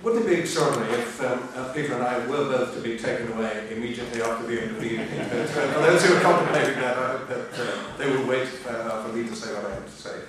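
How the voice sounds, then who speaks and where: A man's voice: medium pitch, quick pace, few pauses. A man in his sixties giving a lecture as a historian, hesitant and self-deprecating with many fillers. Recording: echoey hall from far off, faint noise.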